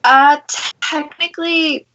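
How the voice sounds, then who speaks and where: Bright, unhurried woman game master. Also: high voice, steady tone, muffled recording, slight background noise. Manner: explains rules patiently. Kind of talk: narrating a tabletop game.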